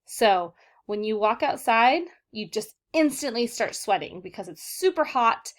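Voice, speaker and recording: A woman's voice: fairly high pitch, expressive, unhurried. Young woman teacher, patient and encouraging, leads children through vocabulary words in a video lesson. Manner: encouraging, repeats and checks in with "okay, guys?". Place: southern California.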